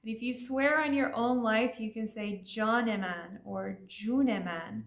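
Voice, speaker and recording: A woman's voice: fairly high pitch, a little slow, reverberant. A woman teaching learners in a friendly, explanatory way, with casual fillers. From Iranian family. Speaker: language teacher.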